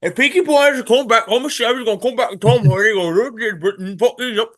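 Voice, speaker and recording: A man on a comedy podcast putting on a loud, high-pitched, mangled English gangster accent. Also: rapid-fire. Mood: excited. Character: blustering English gangster man, excitable and garbled.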